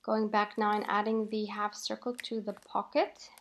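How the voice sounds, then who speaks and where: A woman calmly narrating a voiceover for her crafting video, explaining each step with light laughs. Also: mid-range voice, normal speed, slight background noise. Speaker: craft channel host.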